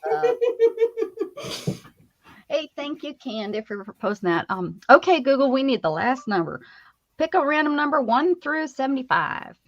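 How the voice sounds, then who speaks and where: Lively chatty American woman. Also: high voice, moderate pace, highs cut off. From United States. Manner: chatty, laughs often, animated. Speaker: art stream host. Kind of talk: casual chat while crafting.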